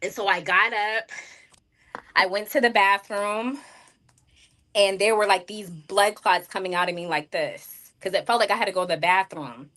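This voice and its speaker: A woman tells her chat a story on a livestream, frank and rambling, breaking off to talk to viewers. Her voice is bright and forward. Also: medium pitch, normal speed. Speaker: streamer.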